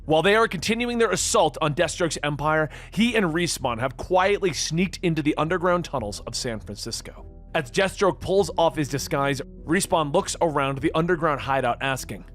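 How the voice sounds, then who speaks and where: A man with a fairly high voice narrates a comic book story from start to finish. He reads each character's lines in his own steady delivery, never shifting into a new voice, while faint music plays underneath. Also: normal speed. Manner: reads every character in the same even voice.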